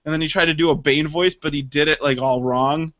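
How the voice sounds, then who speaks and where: A man's voice: fairly high pitch, fairly even intonation, fairly quick. A man co-hosting a podcast, casual banter full of laughter and swearing. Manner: loud, laughing, swearing, joking. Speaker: podcast co-host. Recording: dull lo-fi podcast audio.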